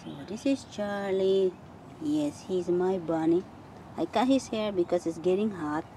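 A woman chatting casually while she walks through her backyard garden, sometimes calling to her pet rabbit in a high sing-song voice. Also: a little slow, mellow. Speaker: vlogger giving a garden tour. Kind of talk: casual chat while walking. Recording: outdoor phone video with faint nature noise.

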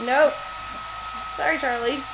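A woman's voice: sits high, fairly even intonation, slow. A young woman vlogging at home and in a car, chatting casually and cooing baby talk to her dog. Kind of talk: casual family vlog. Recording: noisy handheld camera audio.

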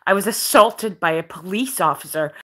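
A woman's voice: on the low side, normal speed, bright, forceful tone. A woman speaking to her viewers as an independent journalist, earnest and aggrieved in her vlog monologue.

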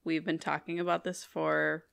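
A woman's voice: low-pitched, level tone, normal speed, vocal fry, fairly bright tone. A woman co-hosting a podcast in casual chat, easygoing and giggly, laughing often. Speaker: podcast co-host.

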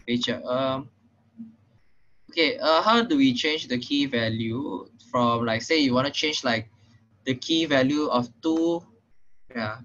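A man's voice: mid-range voice, a little slow, fairly bright tone, a little hiss or hum. A young man with a Singaporean English accent tutoring programming in an online class, explaining casually with lots of fillers and checking in with "right?". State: slightly out of breath. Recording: muffled lo-fi online call audio.

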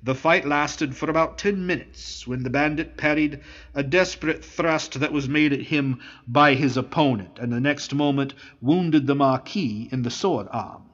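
A man narrating an audiobook of a classic novel in a measured storytelling manner. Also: fairly high pitch, fairly bright tone, lo-fi sound.

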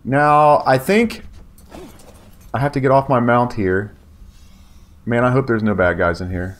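A man giving casual, excitable commentary on his gameplay, talking to viewers and yelping when danger shows up. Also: medium pitch, unhurried. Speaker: gaming YouTuber.

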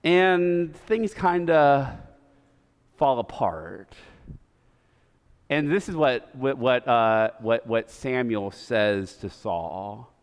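A man's voice: medium pitch, lively intonation, extremely slow, clean tone. A male pastor preaching a sermon, retelling the story casually and animatedly with lots of fillers, recorded in a reverberant church sanctuary.

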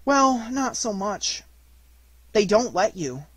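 A man's voice: high-pitched, very animated, slow pace, a bit bright, slightly rough, voice pushed up, full character voice. A man voicing an earnest, thoughtful little boy in a storybook reading, speaking tenderly.

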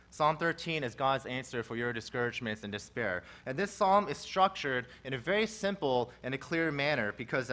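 A male pastor delivering an expository sermon at a church service. He swells loud on repeated phrases, then drops back to a soft, conversational teaching tone. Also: fairly high pitch.

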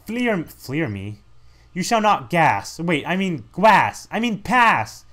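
A man's voice: a little high, sing-song, slow pace, a bit bright, pitched above the performer's own voice, full character voice. A man voicing a pompous male martial arts gatekeeper who makes grandiose declarations.

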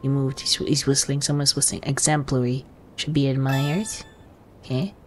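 A woman hosting a gaming channel, reading game text aloud and commenting in a soft, low-key way with sudden startled yelps. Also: little pitch movement, normal speed, slight background noise.

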